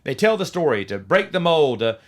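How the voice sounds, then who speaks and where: A man's voice: fairly high pitch, fairly quick. Opinionated man hosting a solo podcast. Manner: opinionated, sarcastic, mocks lines in a flat voice. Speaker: podcast host. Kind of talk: casual solo review monologue.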